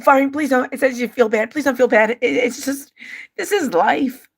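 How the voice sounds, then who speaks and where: A woman with a slightly high voice and a gravelly, fry-laced edge. She hosts a casual livestream, softly reading out viewer comments and her own heartfelt letters. Her delivery is open and emotional. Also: moderate pace. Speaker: livestream host.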